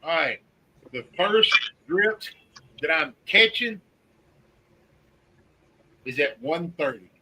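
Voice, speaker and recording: A man's voice: fairly high pitch, lively intonation, takes it slowly, pauses often, sharp tone, breathy edge, rough recording. A man cracking crude jokes on a casual livestream chat. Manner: crude wisecracks.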